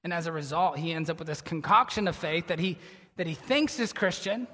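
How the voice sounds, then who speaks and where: A male pastor preaching a sermon, telling stories with animation and sinking into a low, somber tone. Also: animated, fairly quick, fairly bright tone, in a large hall.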